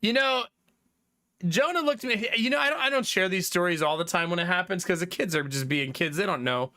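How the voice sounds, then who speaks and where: Animated, bright-voiced man telling stories. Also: high-pitched, brisk. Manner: animated storytelling with frequent laughter. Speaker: livestreamer. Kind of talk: casual chat reading viewer comments.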